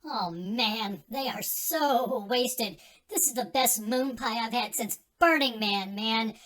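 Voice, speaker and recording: A man doing a high, bright goofy partier. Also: takes it slowly, full character voice. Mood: stoned. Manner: goofy, slurring, tries silly accents. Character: stoned male party guest doing bad accents.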